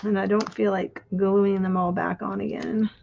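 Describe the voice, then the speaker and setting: A woman's voice: mid-range voice, flat delivery, normal speed, gravelly, darkish tone, a little hiss or hum. A middle-aged woman chatting casually while she crafts on a livestream, reminiscing and trailing off as she works. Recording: dull lo-fi stream audio.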